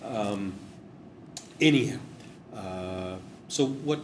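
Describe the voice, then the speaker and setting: A man's voice: lowish voice, expressive, extremely slow. A man casually explaining old stories in a rambling, digressive and wry way. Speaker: host discussing memorial plaques. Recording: roomy echo with background noise.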